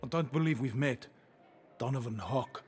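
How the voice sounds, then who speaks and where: A man's voice: medium pitch, moderate pace, lightly acted. A man voicing a smug, arrogant male crime boss in a video game, dismissive in tone.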